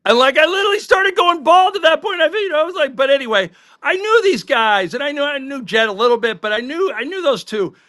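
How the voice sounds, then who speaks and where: A middle-aged man, a sports writer on a podcast panel, telling lively anecdotes in casual chat. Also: very high voice, fairly quick, few pauses. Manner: animated anecdotal storytelling.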